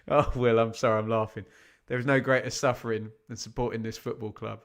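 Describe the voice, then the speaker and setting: A man's voice: medium pitch, normal speed, a bit bright. A man hosting a live football watch-along, chatting with viewers and reading out scores from other games. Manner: chatty, reads out scores, asks the chat rhetorical questions. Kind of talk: live fan commentary and chat.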